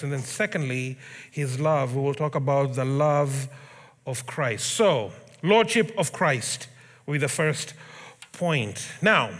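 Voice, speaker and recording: A middle-aged man preaching a sermon, telling the story in a lively way and acting out the crowd's voices. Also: high voice, long reverb tail. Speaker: pastor.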